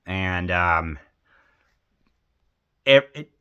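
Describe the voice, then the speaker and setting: A man's voice: low voice, lively intonation, very slow, a bit bright, clean tone, highs cut off. Befuddled man rambling through a film review. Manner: rambling, hesitant, many fillers and restarts; befuddled, exasperated. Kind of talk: casual film review vlog.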